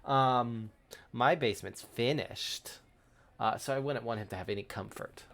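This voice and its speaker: A man's voice: mid-range voice, unhurried, fairly bright tone. A man narrating as game master, joking and swearing with his players, rambling with lots of fillers.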